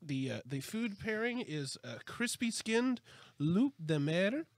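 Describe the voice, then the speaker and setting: A man with a slightly raised pitch reading beer facts at a measured pace, plain and unhurried. He reads from the label as his friends listen around the table. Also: very animated, no room sound, clean studio sound. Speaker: podcast co-host.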